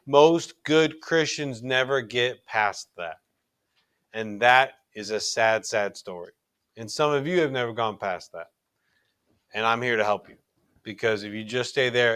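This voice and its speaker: A man's voice: mid-range voice, a little slow, a bit bright, clean tone, dry recording. A middle-aged man teaching a recorded religion class in an earnest, conversational way, often restarting his sentences.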